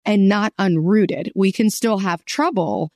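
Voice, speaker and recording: A woman's voice: mid-range voice, a little slow, a little mellow, no room sound. Affirming woman podcast host, dry sound. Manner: enthusiastic, affirming, teacherly. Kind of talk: conversational faith interview.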